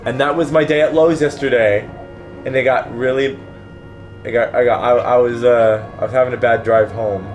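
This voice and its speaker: Over game music, a let's play co-host tells a friend an exasperated, profane story while they play a video game together. His mid-range voice stays steady, moving at a moderate pace in a casual, ranting way.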